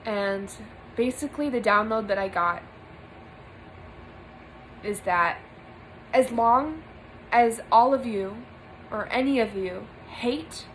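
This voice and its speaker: A spiritual vlogger, a young woman, delivers an earnest, emphatic monologue to camera in a small room, repeating phrases for emphasis. Her voice sits high, and the low-quality recording carries slight background noise.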